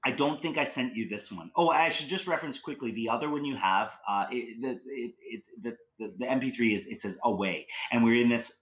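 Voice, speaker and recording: A man's voice: medium pitch, brisk, hardly any pauses, fairly bright tone. A man telling ghost stories as a podcast guest, rambling with many likes and restarts. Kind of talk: casual storytelling.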